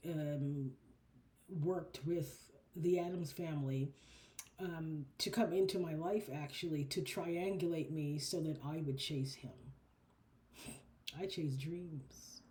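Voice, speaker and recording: A woman doing a casual spiritual card reading who talks in an animated, chatty way and calls her listeners baby and honey. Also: deep voice, takes it slowly. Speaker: oracle card reader.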